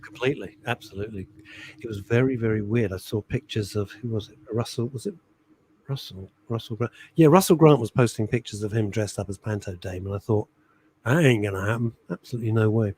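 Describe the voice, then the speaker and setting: A middle-aged man co-hosting a casual radio chat show, telling animated stories and breaking into little sung jingles. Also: lowish voice, brisk, a little hiss or hum, poor audio. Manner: animated storyteller, sings jingles and little musical stings. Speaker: radio co-host. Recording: radio studio.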